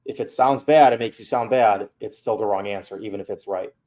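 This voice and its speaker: A man's voice: lowish voice, brisk, darkish tone. A man coaching a student through feedback on her mock interview, candid and casual.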